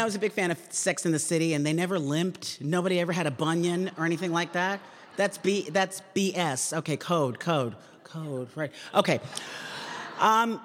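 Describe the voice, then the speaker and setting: A woman in her sixties, a comedian giving an animated, chatty storytelling talk to an audience in a lecture hall. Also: on the low side. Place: lecture hall at a public forum. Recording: reverberant hall sound.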